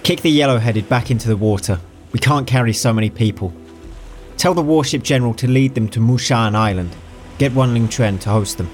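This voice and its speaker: A man voicing a scheming young prince in an audiobook, quick, mocking and commanding. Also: medium pitch, soft background music, voice pushed up, natural voice. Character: scheming young male prince, cocky and cruel. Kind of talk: audiobook character voice.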